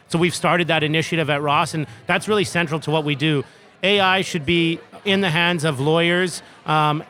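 A man's voice: a little high, bright, forceful tone. A man, a tech company co-founder, giving eager interview answers with lots of fillers and restarts, recorded outdoors in a city.

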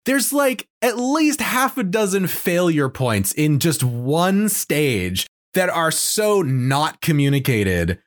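A man co-hosting a casual game discussion, telling stories about playing in an animated, profane way. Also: a little high, slow, hardly any pauses. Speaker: podcast co-host.

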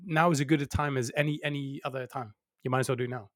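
A man giving candid advice as an interview guest, lively and laughing, often acting out the doubting voices he quotes. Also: medium pitch, fast, dry recording, studio quality. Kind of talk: casual interview conversation.

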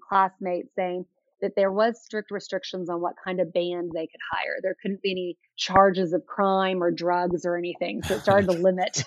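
Recorded dry with dull lo-fi sound, a female author being interviewed shares eager anecdotes laced with filler words. Her voice is medium in pitch and creaky.

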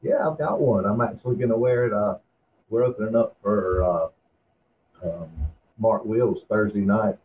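A man's voice: lowish voice, normal speed. An older man calling in to a podcast game, easygoing and good-humored. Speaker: caller, game contestant. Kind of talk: casual chat on a call. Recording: dull remote call audio with faint noise.

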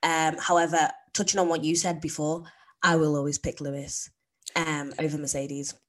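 A woman's voice: deep voice, level tone, moderate pace. A woman co-hosting a podcast, speaking frankly and emphatically in casual chat. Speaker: podcast co-host.

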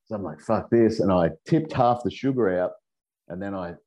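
A man's voice: deep voice, fairly quick. A middle-aged Australian man, a podcast guest, telling profane, rambling stories in casual chat. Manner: profane, rambling, animated storyteller. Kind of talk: casual storytelling.

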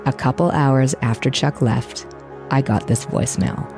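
An actress playing a podcast host who narrates in a measured, wry and reflective way. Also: female voice, very deep voice, steady tone, over music. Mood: steady. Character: earnest true-crime podcaster woman. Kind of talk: scripted narration.

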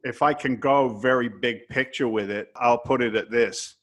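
An emphatic man from England, talking as a guest on a podcast interview. He lays out his motivational views bluntly and preachily, with the odd swear word, at an ordinary speaking pitch. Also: normal speed, hardly any pauses, fairly bright tone.

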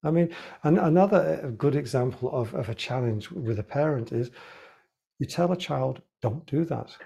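A man's voice: mid-range voice, animated, normal speed, creaky, warm tone, breathy edge. A man, a life coach and author, explaining ideas earnestly in an interview with lots of examples. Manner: earnest, example-driven, repeats words while thinking.

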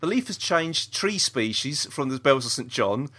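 A man with a South East London accent co-hosts a podcast, chatting and reading a listener's email with many ums and restarts. His medium-pitched voice is fairly bright and slightly rough, with big pitch swings and a moderate pace.

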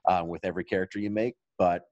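A man's voice: low-pitched, steady tone, fast, a little mellow, no room sound, muffled recording. A man co-hosting a tabletop gaming podcast in casual chat, laid-back and blunt with casual swearing. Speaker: podcast co-host and tabletop player.

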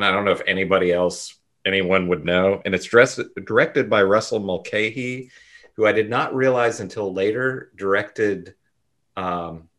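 A man with a fairly low voice co-hosts a casual movie podcast. He talks in an easygoing, loose way, circling back on himself as he goes. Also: a bit bright. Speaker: podcast co-host.

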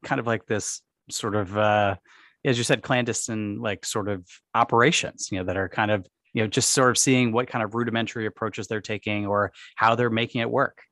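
A man's voice: on the low side, steady tone, a little fast, fairly bright tone, no echo, clean studio sound. A man hosting an interview, asking long wandering questions full of you know and sort of. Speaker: podcast host. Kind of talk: casual conversational interview.

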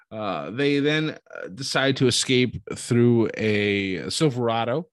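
With a medium-pitched voice and a slow delivery, a man recaps a wrestling show casually, laughing frequently and voicing what everyone said. There's no room sound on the recording.

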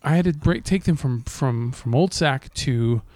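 A man's voice: mid-range voice, a little slow, a little mellow, dry recording. Podcast co-host, man, swears a lot, acts out the voices in his stories, dry close mic. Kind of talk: casual podcast chat.

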